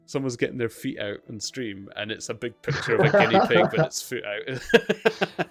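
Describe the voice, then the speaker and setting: A man's voice: medium pitch, sing-song, a little slow, over loud music. A man hosting a live stream, chatting casually in a rambling way with lots of fillers and chuckles. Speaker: streamer host.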